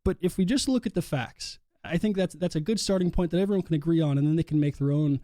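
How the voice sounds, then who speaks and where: A man's voice: a little high, quick pace, mellow, dry recording. A man hosting an interview over a video call and asking earnest, probing questions. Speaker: host.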